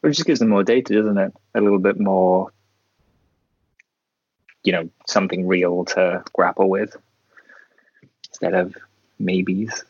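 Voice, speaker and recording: A man with a very deep, gravelly and husky voice chats casually as a podcast co-host, agreeable and quick to laugh along. The sound is dry and a little dull, lo-fi. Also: steady tone, darkish tone, no echo. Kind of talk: casual watchalong chat.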